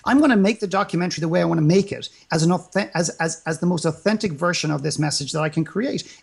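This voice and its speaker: A man's voice: fairly high pitch, fast talker, creaky, few pauses, slightly rough. A man speaking as an interview guest in a motivational conversation, emphatic and full of rhetorical questions and repetition.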